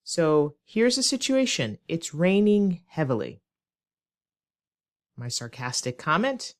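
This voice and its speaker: A woman English teacher, giving a clear, demonstrative lesson and acting out short example lines. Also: low-pitched, very animated. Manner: slow, clear, demonstrative delivery with acted examples. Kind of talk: scripted ESL lesson.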